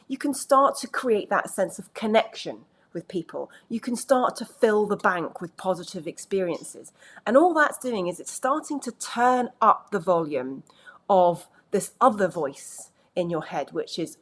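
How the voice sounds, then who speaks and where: A woman's voice: lowish voice, expressive, moderate pace. A woman giving an earnest, reassuring coaching talk to camera in a conversational way, checking in with the listener. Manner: conversational, many "you know" fillers.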